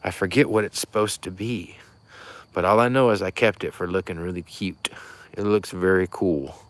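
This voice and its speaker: A man's voice: deep voice, moderate pace. A man gives a rambling, folksy walking tour of his fruit tree nursery at night, chatting to viewers. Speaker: rare fruit tree grower and seller. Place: outdoor plant nursery at night.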